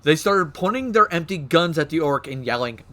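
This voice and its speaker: Excitable man chatting on stream. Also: fairly high pitch, moderate pace. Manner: excitable, swears, restarts and laughs often. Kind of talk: casual stream chat about game lore.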